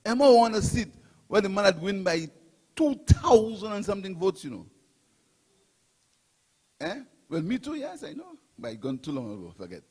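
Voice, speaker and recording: Speaking in a large hall, a middle-aged guest speaker from Saint Lucia, with a local accent, gives a fervent rally address full of repetition and swings of emphasis. His voice is high, husky and darkish, very animated, at a moderate pace with long pauses.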